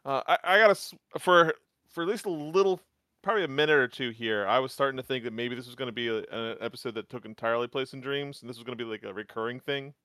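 A man co-hosting a casual anime recap, rambling and correcting himself as he trails off quietly. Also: medium pitch, fast, smooth, no echo, clean studio sound. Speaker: podcast co-host.

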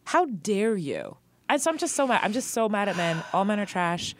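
A woman's voice: mid-range voice, expressive, quick pace, no echo. A woman co-hosting a podcast in casual chat, heated and swearing freely, with frequent laughs. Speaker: podcast co-host.

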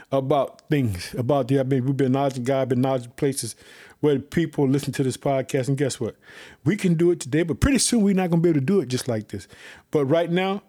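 An excited man from Chicago preaching a devotional message on his podcast, with an exuberant manner and constant "let me tell you something.". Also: fairly high pitch. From United States.

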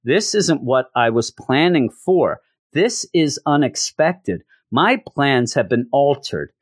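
A man reading the lines of a scheming ancient male supervillain in a slow, measured voice, close and dry. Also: medium pitch, big pitch swings, no room sound.

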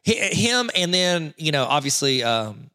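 A man's voice: fairly high pitch, sing-song, measured pace, sharp tone, clean tone, no room sound, studio quality. Enthusiastic man rambling movie trivia. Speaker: podcast co-host. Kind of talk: casual movie chat.

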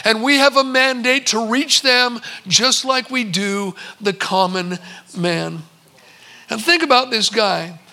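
Pastor guy preaching, really high voice with a gravelly edge, tells stories and does little quotes. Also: takes it slowly, bright, forceful tone. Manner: storytelling, acts out servants and a visitor in quotes. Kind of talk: sermon.

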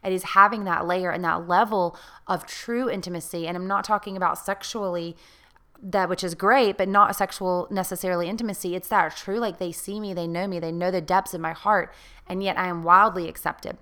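A woman's voice: on the low side, fairly even intonation, fairly quick, pushed and bright, clean tone. A woman hosting a talk on healing after divorce, speaking in an earnest, coaxing way and asking many questions. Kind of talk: encouraging self-help talk.

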